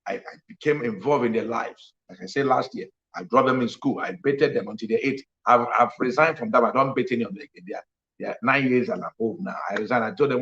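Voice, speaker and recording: Emphatic pastor, lo-fi sound. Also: male voice, mid-range voice, fast, a bit bright. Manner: emphatic, repeats key lines. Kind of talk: sermon.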